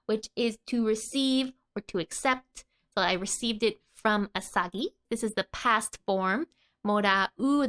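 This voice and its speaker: Giggly lady explaining a lesson, slightly higher voice, laughs a lot. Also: a bit bright. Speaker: language teacher. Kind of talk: casual language lesson.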